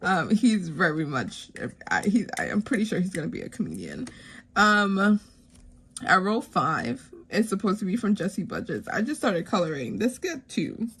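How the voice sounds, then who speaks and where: A woman in her thirties chatting casually while stuffing savings envelopes, rambling and heartfelt, with lots of fillers and softly counted money. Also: mid-range voice, big pitch swings, normal speed, slightly rough. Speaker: savings vlogger.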